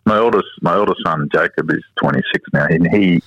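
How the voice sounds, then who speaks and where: Chatting as an interview guest on a podcast, a fifty-something Australian man recounts family stories, now and then mimicking his little kids in a high voice. He speaks a little fast over crowd noise, and the audio is slightly dull.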